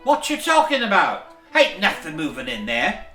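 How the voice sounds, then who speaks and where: A man voicing a grumpy male troll who talks in a rough dialect and panics easily. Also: high-pitched, lively intonation, moderate pace, pitched above the performer's own voice, full character voice. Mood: suspicious. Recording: echoey room, mic at a distance, soft music.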